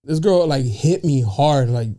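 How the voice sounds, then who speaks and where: A man co-hosting a podcast, telling a story in a loose, animated way with lots of swearing. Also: medium pitch, unhurried. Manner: animated, swears a lot, laughs often. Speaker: podcast co-host. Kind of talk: casual chat.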